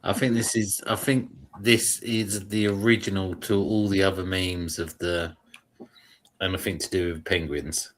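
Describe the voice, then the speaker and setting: A man's voice: low-pitched, little pitch movement, measured pace. A man in casual streamed chat, rambling and restarting as he hunts for words.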